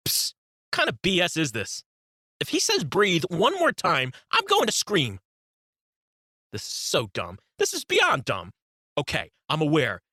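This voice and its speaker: A man's voice: fairly high pitch, pushed and bright, no echo, studio quality, pitched above the performer's own voice, full character voice. A man putting on a scornful, irritable inner critic who complains in an exasperated voice.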